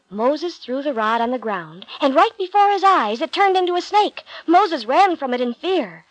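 A woman reading a Bible story aloud, calm and clear in her storytelling. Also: high voice, normal speed, few pauses, dry recording, poor audio.

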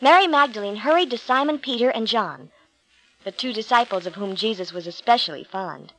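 A woman narrating a storybook, reading aloud in a clear, expressive way. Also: a little high, fairly quick, low-quality recording.

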